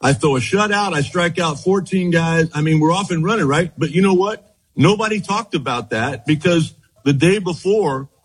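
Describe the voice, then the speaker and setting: Husky-voiced man telling old stories. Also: a little high, moderate pace, low-quality recording. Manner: rambling anecdotes, quoting others, frequent restarts. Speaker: former baseball pitcher. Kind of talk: storytelling interview.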